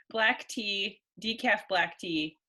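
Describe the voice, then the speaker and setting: A woman co-hosting a casual podcast chat, with dry, amused, deadpan delivery. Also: medium pitch, slightly rough. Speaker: podcast co-host.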